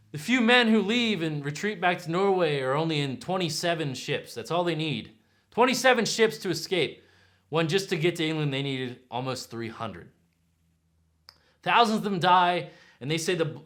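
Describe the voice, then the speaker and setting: A man hosts a history show with excitable energy, often checking in with his viewer. His voice sits high and swoops widely. The tone is bright and forward. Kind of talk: animated storytelling to camera.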